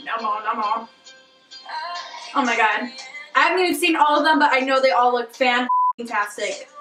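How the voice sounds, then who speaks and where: Excitable young female vlogger, high-pitched, recorded off-mic in a roomy space over music. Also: normal speed, far from the mic. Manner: gushing, squealing, swears and laughs a lot. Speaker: music video reactor. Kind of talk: excitable reaction vlog. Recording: echoey room, voice off-mic, music playing.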